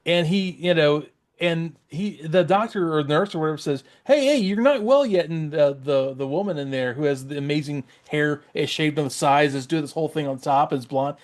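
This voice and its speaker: Male podcast co-host, slightly high voice, chatty recapper who voices the characters as he goes. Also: steady tone, normal speed. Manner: laughs often, acts out characters' lines. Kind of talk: casual chat recapping a cartoon.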